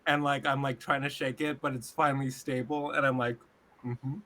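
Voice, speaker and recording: A man playing a tabletop game, talking in a relaxed, rambling way full of fillers. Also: medium pitch, a little fast. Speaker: player. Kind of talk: casual table talk.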